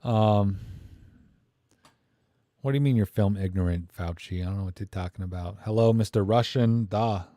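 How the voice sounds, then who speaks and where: A man hosts a casual live stream, rambling from one thought to the next and cracking jokes at the chat. His voice sits a little low. The sound is close and dry, with no room around it. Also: normal speed, long pauses, dark tone, no echo. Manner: rambling, jokey, reads chat comments aloud. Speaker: host of a live camera stream.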